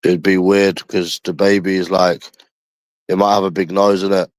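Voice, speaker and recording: A man's voice: deep voice, flat delivery, moderate pace, no room sound. A man with a London accent in rambling, casual livestream chat, crude and full of swearing.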